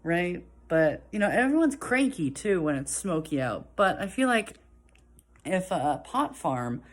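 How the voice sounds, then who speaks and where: A woman's voice: lowish voice, big pitch swings, a little slow. A woman doing meandering amateur stand-up, full of fillers and self-conscious asides. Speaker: amateur comedian. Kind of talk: rambling stand-up. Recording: echoey room from a distant mic.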